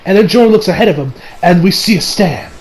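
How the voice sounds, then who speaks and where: A man's voice: high-pitched, lively intonation, fast talker, darkish tone, slight background noise, rough recording. A man casually recapping an episode, rambling with lots of fillers and restarts and the odd swear. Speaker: anime reviewer.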